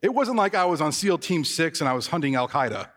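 Pastor in a reverberant hall. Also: male voice, a little high, sing-song, quick pace, a bit bright. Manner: conversational, self-deprecating storytelling. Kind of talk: sermon.

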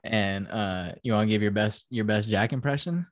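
A man's voice: on the low side, normal speed, no echo. A man hosting a podcast who casually recaps a film in a rambling, profane way full of fillers. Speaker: podcast host.

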